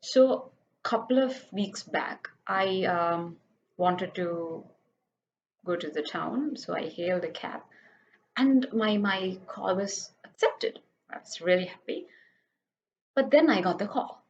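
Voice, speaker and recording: A woman with a Sri Lankan English accent chats her way through a casual vlog, playful and animated. Her voice sits at a middle pitch. The recording is slightly dull and lo-fi. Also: slow pace, slight background noise. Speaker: vlogger.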